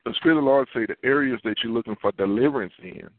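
A man's voice: mid-range voice, very fast, no echo. A man preaching an earnest, confessional sermon, repeating his key phrases as he goes. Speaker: prophet preaching. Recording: tinny phone-line sound, dry.

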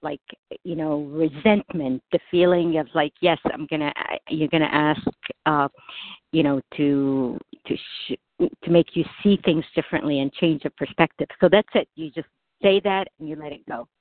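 A woman's voice: low-pitched, normal speed, no echo. Woman asking questions over a phone line. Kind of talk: casual group call. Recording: dry tinny phone line.

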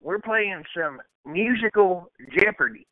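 Host type: joking man, slightly higher voice, hesitant game-show patter, tinny phone-like sound. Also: expressive, measured pace, no echo. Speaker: podcast host. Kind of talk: casual chat, game-show hosting.

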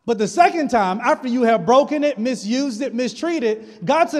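A man's voice: extremely high pitch, lively intonation, moderate pace. A male pastor preaching a sermon, retelling scripture in a casual, humorous way. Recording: long hall reverb.

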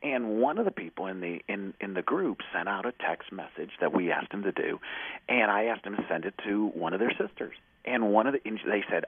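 Emphatic husky man over a tinny line. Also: on the low side, animated, a little fast, no echo. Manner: passionate, emphatic, acts out quoted dialogue. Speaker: guest author and speaker. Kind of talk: energetic motivational interview talk.

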